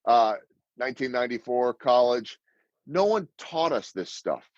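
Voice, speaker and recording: A man's voice: medium pitch, animated, normal speed, darkish tone, highs cut off. A man in his fifties, a sports broadcaster guest telling stories in an interview and acting out the lines he quotes. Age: 50s. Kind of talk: storytelling interview answers.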